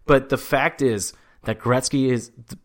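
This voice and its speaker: A man hosting a casual sports podcast, telling stories with animated quoted voices and frequent swearing. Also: unhurried. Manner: animated storytelling, acts out quotes with jumps in pitch. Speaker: podcast host.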